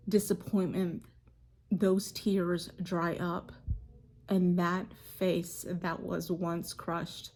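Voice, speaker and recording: A mother speaking earnestly and haltingly to camera, telling a heartfelt story as a devotional reflection. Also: on the low side, darkish tone. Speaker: mother sharing a faith reflection. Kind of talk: casual devotional talk to camera.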